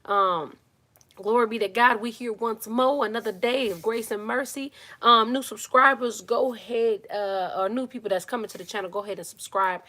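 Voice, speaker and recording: A woman chats into her phone on a live stream, her voice sitting a little higher than most. She is animated and talkative, greeting viewers by name and slipping into soft muttered asides. The sound is close and boxed in, from a small closet. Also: normal speed. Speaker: YouTuber hosting a live Q&A stream. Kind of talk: casual live-stream chat.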